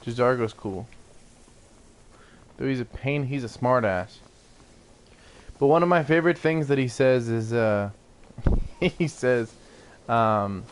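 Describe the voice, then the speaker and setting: A man's voice: mid-range voice, expressive, takes it slowly, long pauses, slight background noise. A man giving rambling, casual commentary while playing a video game, laughing often and swearing now and then. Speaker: gaming YouTuber.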